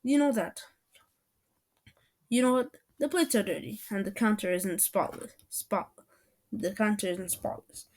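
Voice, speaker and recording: A woman voicing an irritated mother who loudly scolds her two arguing sons in a storybook reading. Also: mid-range voice, lively intonation, a little slow, long pauses. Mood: scolding. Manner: loud, exasperated scolding.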